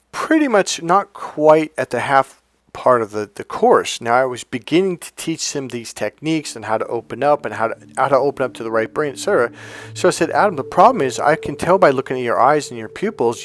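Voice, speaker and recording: A man in the role of a dating coach, telling a story in a lively way. He acts out each person's lines as he goes and swears freely. His voice sits at an ordinary middle pitch for a man. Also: normal speed. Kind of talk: storytelling monologue to camera.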